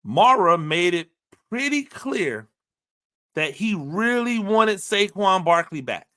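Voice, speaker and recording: A man's voice: high voice, very animated, slow pace, pushed and bright. A man giving opinionated sports commentary, talking emphatically and repeating himself with rhetorical questions.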